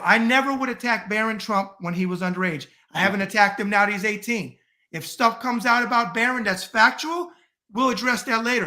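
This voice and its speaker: Man, middle-aged, from the US, podcast guest, high-pitched, bright voice, blunt, profane, emphatic. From United States. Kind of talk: heated political talk.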